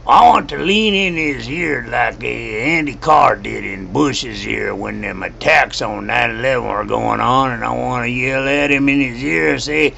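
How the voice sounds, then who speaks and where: A man playing a gravelly, shouting grumpy old man, high-pitched, cursing, faint noise behind. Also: heavily acted. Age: over 60. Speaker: show character. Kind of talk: comedic rant.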